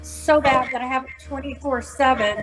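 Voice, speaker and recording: A woman in her fifties, a former corrections officer, telling personal stories in an animated, humorous way and acting out the voices of others. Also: high-pitched, normal speed, soft background music, low-quality recording. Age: 50s. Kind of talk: casual storytelling interview.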